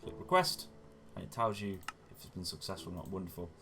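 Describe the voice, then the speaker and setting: Over background noise, a deep-voiced man talks fast while hosting a gaming channel. He gives chatty, step-by-step gameplay commentary, often corrects himself and frequently says "wonderful."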